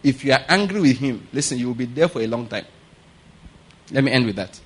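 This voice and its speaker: A man's voice: medium pitch, lively intonation, brisk, pauses often, slightly rough, low-quality recording. Nigerian pastor guy, middle-aged, chatty sermon, keeps asking if you get his point. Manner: conversational preaching, often asks the congregation if they follow.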